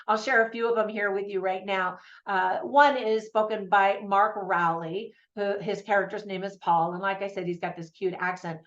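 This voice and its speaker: An American woman with a mid-range voice gives a casual, chatty spoken movie review, talking to the viewer with frequent fillers and asides. The highs in the audio are cut off.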